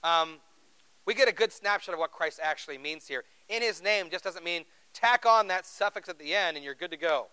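A pastor preaches earnestly and conversationally, putting rhetorical questions to his congregation. His high, bright voice is a little fast and forceful and clean in tone, though the recording is low quality.

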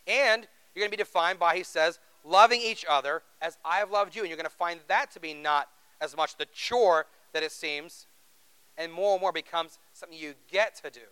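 A man's voice: fairly high pitch, normal speed, pushed and bright, smooth, rough recording. A man preaching a sermon in an earnest, conversational way, asking the congregation rhetorical questions. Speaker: pastor.

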